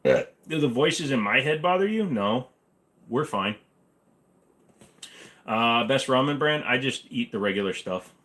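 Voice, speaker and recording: A man's voice: mid-range voice, lively intonation, measured pace, pauses often, fairly bright tone. A man in his forties hosting a casual livestream Q&A from his apartment, talking in a rambling, offhand, joking way. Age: 40s. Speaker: livestream host. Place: apartment bedroom-living room.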